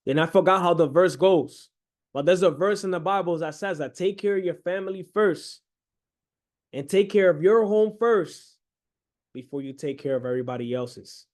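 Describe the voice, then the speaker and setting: A fairly high-voiced young man telling a story as a sermon. He voices the excited son with high, quick bursts and drops low and slow for the father's calm words. His delivery is lively and plain-spoken. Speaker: preacher.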